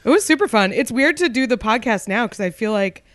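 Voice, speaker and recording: Lively playful young woman. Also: fairly high pitch, brisk, no echo, studio quality. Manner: playful, teasing, laughs often. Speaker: podcast co-host. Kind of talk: casual chat.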